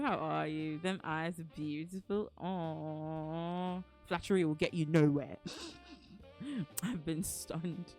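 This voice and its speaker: A woman's voice: sits low, extremely slow, long pauses, darkish tone, faint music behind. A woman streamer chatting casually with her viewers, playful and teasing, putting on mock anger and laughing often. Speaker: streamer reading to chat.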